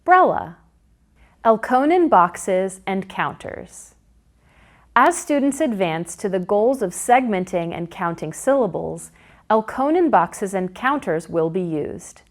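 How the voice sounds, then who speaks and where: A woman narrating a phonics lesson for teachers in a slow, clear way, sounding out words syllable by syllable. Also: mid-range voice, expressive. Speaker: teacher trainer. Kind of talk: instructional narration.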